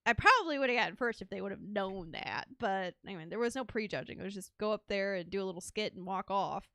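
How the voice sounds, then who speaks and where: A woman's voice: mid-range voice, fast, dry recording, clean studio sound. A young adult woman hosting a podcast, chatting casually and acting out the people in her stories. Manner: animated storyteller, acts out quotes. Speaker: podcast host. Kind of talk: casual chat.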